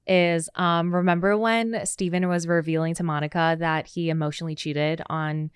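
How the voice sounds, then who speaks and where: A woman co-hosting a podcast, chatting casually with lots of fillers and animated asides. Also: fairly low pitch, moderate pace, clean tone, dry recording, studio quality. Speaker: podcast co-host. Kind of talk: casual chat.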